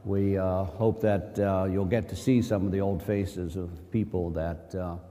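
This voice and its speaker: A man's voice: deep voice, level tone, unhurried, warm tone. A male priest giving a conversational sermon, full of rhetorical questions and joking asides. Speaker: Catholic priest. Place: church. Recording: long church reverb.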